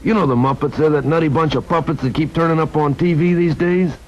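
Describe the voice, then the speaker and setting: A man voicing a friendly puppet dog pitching a toy, chatty and a bit flustered. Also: fairly even intonation, quick pace, slight background noise, natural voice. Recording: dull lo-fi vintage TV audio.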